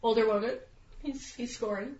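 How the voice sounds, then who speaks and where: A young woman co-hosting a casual chat show, sick and talking in a flat monotone with lots of fillers. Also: fairly high pitch, moderate pace. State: sick, congested. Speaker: podcast co-host. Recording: dull, roomy lo-fi recording.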